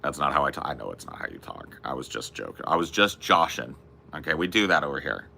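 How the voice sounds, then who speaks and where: A man's voice: rumbling low, animated, fast talker, vocal fry, bright, forceful tone, slight background noise. Profane, laughing Californian guy. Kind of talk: casual chat with chat.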